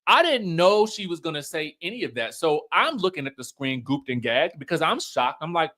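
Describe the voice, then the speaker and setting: Speaking at a moderate pace with few pauses, a man with a fairly high voice gives a casual, emphatic commentary on a reality show. He animates the story by performing what the cast said in raised voices.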